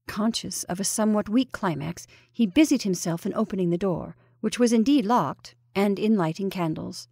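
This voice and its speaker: A woman storyteller reading a ghost story aloud with measured, even narration. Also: mid-range voice, husky, no room sound, clean studio sound.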